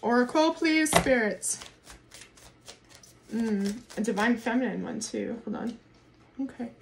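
A woman doing a casual tarot reading to camera, excitable, swearing freely and laughing often. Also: fairly high pitch, moderate pace, creaky, noisy background. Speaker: tarot reader.

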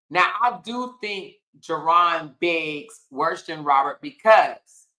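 Her voice is on the low side, pushed and bright, as this woman hosts a relaxed livestream. She reads out comments from viewers, laughs frequently, and addresses them as y'all, child, and honey.

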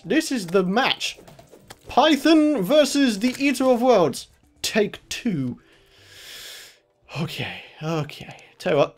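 A young man commentating his own gameplay, excitable, laughing often and shouting when in trouble. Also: high-pitched. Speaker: gaming channel host. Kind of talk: let's play commentary.

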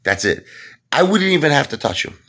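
A man's voice: on the high side, big pitch swings, brisk, pushed and bright. A man delivering an emphatic comedic trash-talk rant to camera, repeating himself and pressing the point again and again. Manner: emphatic and repetitive, keeps saying "listen to me" and "okay?". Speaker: vlogger.

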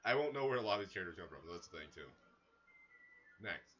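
A man giving casual, excitable commentary as he plays a video game, breaking into sudden loud outbursts. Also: lowish voice, quick pace, lo-fi sound, faint music behind. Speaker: gaming streamer. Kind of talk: casual let's-play commentary.

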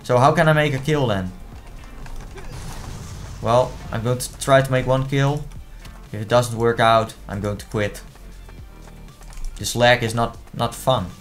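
Guy doing goofy game commentary, stumbles and repeats himself, some quiet music behind. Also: medium pitch, steady tone, measured pace, pauses often. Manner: playful, easily exasperated, stammering repeats. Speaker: gaming commentator. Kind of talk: casual gameplay commentary.

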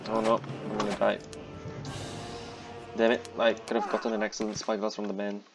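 A man's voice: fairly low pitch, monotone, brisk, vocal fry, over music, rough recording. A man giving casual gameplay commentary, often exclaiming in frustration at the game.

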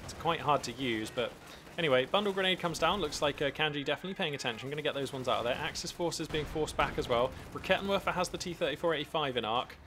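A man giving animated live commentary on a strategy game from a home streaming setup, thinking aloud with frequent restarts. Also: a little high, fast, hardly any pauses, slight background noise.

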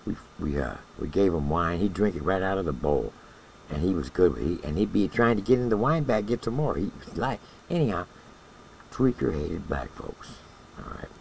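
An older man with a very deep, gravelly voice tells a story from his prison days. He talks bluntly and swears freely, often tossing in a quick "all right?" to keep the listener with him. A faint background hiss stays under his voice. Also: expressive, a little mellow, rough recording. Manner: blunt and profane, tags lines with "all right?". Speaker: former prison inmate telling a story. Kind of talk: casual spoken storytelling.

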